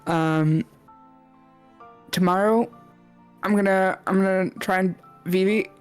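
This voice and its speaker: A young woman co-streaming, chatting casually in a relaxed, rambling way with hesitant restarts. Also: mid-range voice, slow, clear, resonant tone, faint music behind. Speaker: co-streamer guest. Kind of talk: casual livestream chat.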